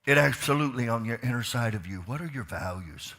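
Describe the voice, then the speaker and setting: A man preaching a sermon as a pastor in a church, swinging from quiet asides to loud, fired-up preaching and putting repeated questions to his listeners. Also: medium pitch, animated, fast. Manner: asks the crowd questions, repeats lines for emphasis. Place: church sanctuary.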